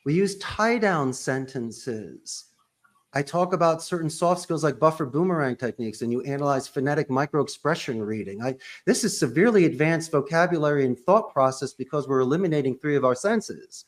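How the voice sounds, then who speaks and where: A man's voice: a little high, lively intonation, normal speed. Emphatic, punchy male interview guest. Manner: emphatic, punchy, full of sports and pop-culture references. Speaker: podcast guest, call center owner. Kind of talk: animated interview talk.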